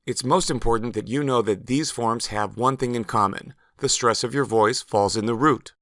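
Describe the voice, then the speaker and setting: A man narrating a scripted language lesson, slow and careful, stressing syllables clearly as he models words. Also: mid-range voice, a bit bright, no room sound, studio quality. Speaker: Spanish teacher.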